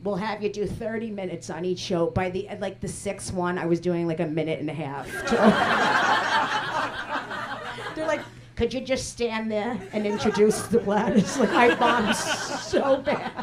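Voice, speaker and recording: A woman's voice: mid-range voice, measured pace. A woman comedian doing brash, teasing, profane crowd work on a club stage, talking into a handheld mic. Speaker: stand-up comedian. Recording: live show with loud crowd noise.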